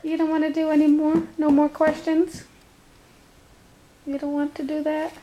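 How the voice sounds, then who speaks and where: A woman's voice: sits high, monotone, moderate pace, dark tone, lo-fi sound, a little hiss or hum. A young woman filming her toddler at home, coaxing her in a sing-song voice of baby talk. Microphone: handheld camera.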